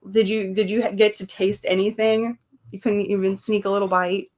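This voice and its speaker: A woman hosting a casual livestream reads viewer comments aloud and chats between them, laughing often and wandering into asides. Her mid-range voice is a little mellow, flat in delivery, at a moderate pace.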